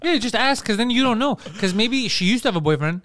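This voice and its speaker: A man's voice: extremely high pitch, expressive, fast, fairly bright tone. A man, a comedian, in casual podcast chat, teasing and joking with crude humor. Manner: joking, profane, teasing banter.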